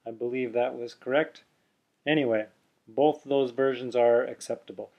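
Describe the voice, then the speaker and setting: A man teaching pronunciation, who explains slowly and then chants the examples with careful, deliberate delivery. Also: medium pitch, fairly even intonation, gravelly, muffled recording. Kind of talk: pronunciation lesson with slow chanting.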